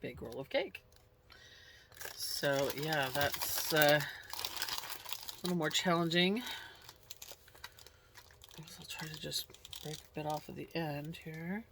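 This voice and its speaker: A woman in a relaxed snack taste-test vlog, chatting unhurriedly and murmuring between bites. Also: low voice, slow pace, long pauses, noisy background. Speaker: snack review vlogger.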